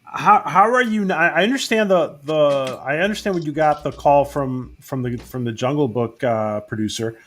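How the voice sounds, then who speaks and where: A man hosting a casual video call chat, halting and full of restarts. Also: fairly high pitch.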